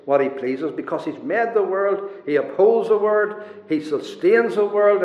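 High-pitched preacher in echoey hall. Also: male voice, darkish tone. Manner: emphatic repetition, rising and falling. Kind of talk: sermon. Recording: echoey church hall, dull lo-fi sound.

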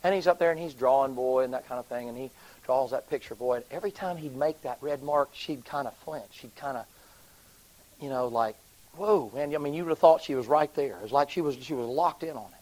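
A man preaching, telling a story in a sermon. He swings from hushed, low passages to loud, high, excited ones. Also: fairly quick, poor audio.

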